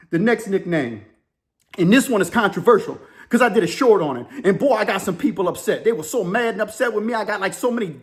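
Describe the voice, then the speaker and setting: A man, a former prisoner hosting his channel, telling stories in an animated, rambling way. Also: high-pitched. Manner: animated, rambling, many "you know"s. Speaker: YouTube host, former prisoner. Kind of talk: casual storytelling.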